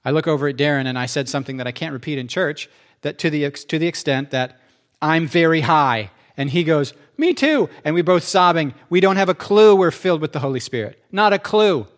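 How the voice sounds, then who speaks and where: A middle-aged man preaching, telling his testimony in an animated, self-interrupting way and acting out quotes. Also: on the high side, fast talker. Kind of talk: testimony storytelling.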